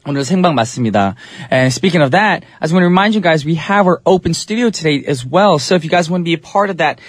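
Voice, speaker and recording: A man in his thirties hosts a live radio show from a studio, upbeat and playful, with casual slang. His voice sits a little high for a man. The studio microphone sounds close and dry. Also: animated, very fast, no echo. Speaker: radio DJ host.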